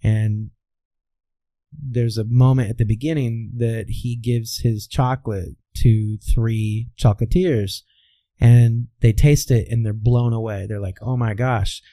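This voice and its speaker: A voice coach from the American Midwest appears as an interview guest, his mid-range voice steady, slow and mellow. He explains like a teacher, answering his own rhetorical questions, and the recording has no room sound.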